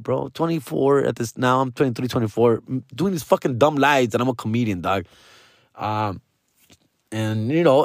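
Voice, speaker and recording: A man's voice: medium pitch, no echo, clean studio sound. A man, a comedian telling stories casually, full of slang and profanity and acting out the voices of people he quotes. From Los Angeles area. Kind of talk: casual storytelling.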